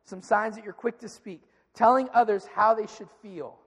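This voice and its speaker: Pastor preaching in a reverberant sanctuary; conversational, acts out exchanges, voice sits high. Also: male voice, steady tone, normal speed, vocal fry, a bit bright, breathy edge. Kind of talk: sermon.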